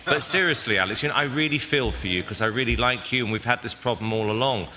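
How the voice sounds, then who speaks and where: A man's voice: mid-range voice, quick pace, pushed and bright, big-room sound, slight background noise. Blunt man judging on live TV. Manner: blunt, frank criticism. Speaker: talent show judge. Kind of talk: live TV critique. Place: large TV studio with audience. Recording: live TV studio with audience.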